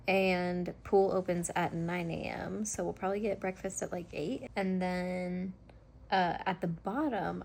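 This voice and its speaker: Gravelly-voiced woman vlogging casually. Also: fairly low pitch, darkish tone, slight background noise. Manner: rambling, swears freely, lots of fillers. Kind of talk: casual vlog chat. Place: hotel room.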